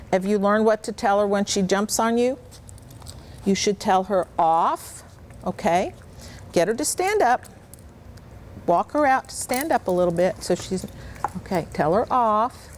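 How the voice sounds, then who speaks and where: Woman dog trainer, patient and encouraging, bright sing-song praise, fairly high and very animated. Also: slight background noise. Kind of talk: hands-on instruction to children.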